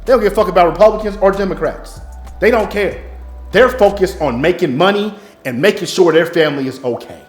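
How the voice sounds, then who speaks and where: A man's voice: high-pitched, fairly quick. A man delivering an impassioned, blunt, profane monologue as a music business coach. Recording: echoey room, faint music.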